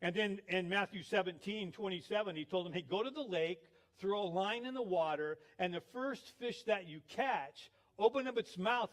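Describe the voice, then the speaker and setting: A male pastor giving a sermon, telling stories with acted quotes. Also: high-pitched. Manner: storytelling with laughs, acted quotes.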